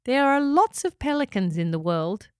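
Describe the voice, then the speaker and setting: A woman's voice: fairly high pitch, very animated, normal speed, darkish tone, smooth, no room sound, pitched above the performer's own voice. Woman reading a skeptical mum, careful questions, storybook, dry sound. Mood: doubtful. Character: doubtful but warm-hearted mother of a family.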